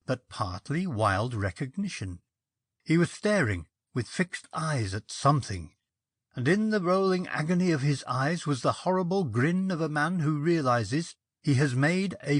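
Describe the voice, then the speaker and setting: Expressive man narrating a ghost story. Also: fairly high pitch, husky, no room sound, studio quality. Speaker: story reader.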